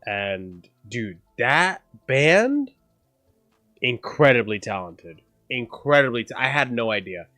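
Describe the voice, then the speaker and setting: A man's voice: medium pitch, slow pace, no room sound, studio quality, soft background music. A man casually telling a story on a livestream, rambling and profane, full of "bro" and "like". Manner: animated, laughing through the story.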